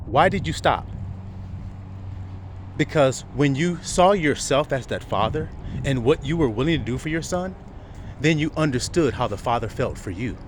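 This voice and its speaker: Animated male preacher, street noise behind. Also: mid-range voice, moderate pace. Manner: animated, rhetorical questions, chuckles often. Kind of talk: sermon.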